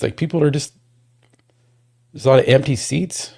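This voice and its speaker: A man hosting a casual livestream watchalong, rambling and talking to his chat, and getting loud and worked up when he complains. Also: medium pitch, moderate pace, vocal fry, long pauses. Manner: rambling, restarts, talks to chat. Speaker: livestream host.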